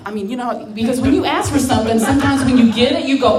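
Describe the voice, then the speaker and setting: A middle-aged woman sharing a spiritual testimony as a guest. She tells it as an animated story, acts out her own past words and speaks straight to her listeners. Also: fairly high pitch, fast, few pauses, crowd noise. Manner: talks straight to listeners as "y'all". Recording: roomy sound from a distant mic.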